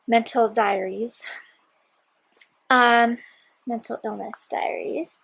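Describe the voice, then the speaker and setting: Woman, twenties, slightly high voice, casual diary vlog, rambling, candid. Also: vocal fry, fairly bright tone, low-quality recording. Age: 20s. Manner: rambling and candid, with fillers and sudden whispers. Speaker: vlogger.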